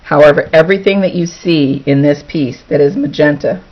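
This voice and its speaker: A woman's voice: low voice, moderate pace, breathy edge. A woman teaching a quilting lesson, talking through each step as she works and repeating words for emphasis. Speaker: quilting instructor. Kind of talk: hands-on sewing demonstration. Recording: dull lo-fi recording.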